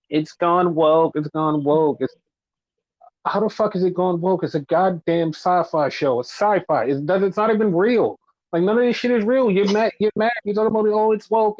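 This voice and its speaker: Profane high-voiced man ranting, lo-fi. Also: no room sound. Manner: profane, exasperated ranting with mocking quoted voices. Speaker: podcast host. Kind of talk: casual wrestling podcast rant. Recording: dull lo-fi dry sound.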